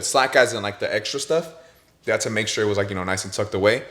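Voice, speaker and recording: Young male podcast host, casual storyteller, animated and slangy, mid-pitched voice. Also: a little fast. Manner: animated, slangy, says bro and dude a lot.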